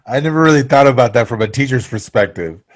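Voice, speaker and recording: A man's voice: mid-range voice, lively intonation, fast. Laid-back, slangy male interviewer. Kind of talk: casual chat.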